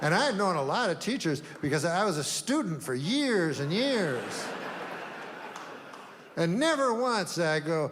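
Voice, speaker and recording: A man doing a stand-up routine, deadpan and rambling, with long meandering setups and offhand asides. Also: high voice, unhurried, noisy background. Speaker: stand-up comedian. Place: comedy stage before a live audience. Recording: live room reverb, faint ambience.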